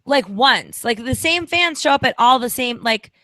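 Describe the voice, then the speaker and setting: A woman co-hosting a casual live video call, chatty and quick to laugh. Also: on the high side, lively intonation, bright, forceful tone, no echo. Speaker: podcast co-host.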